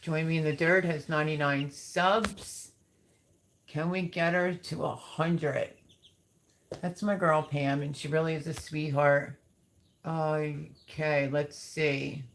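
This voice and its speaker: A woman hosting a casual live stream, chatting with viewers and cooing softly to her chicks. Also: sits low, fairly even intonation, slow. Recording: background noise with bird chirps.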